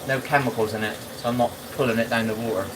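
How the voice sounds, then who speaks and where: A man's voice: medium pitch, steady tone, quick pace, a bit bright, slight background noise, poor audio. A man chatting bluntly with his live chat while washing up, often asking if you know what he means. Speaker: live streamer. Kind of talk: casual live-stream chat.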